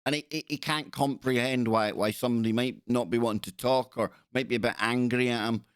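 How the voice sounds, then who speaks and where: A male talk-show host reacts to news footage in a sarcastic, indignant tone, doubling back on his words as he goes. His voice sits at an ordinary middle pitch. The sound is close and dry, with no room echo. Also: fairly even intonation, a little fast, clean tone. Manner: indignant, sarcastic, repeats himself. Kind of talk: live-show commentary on video clips.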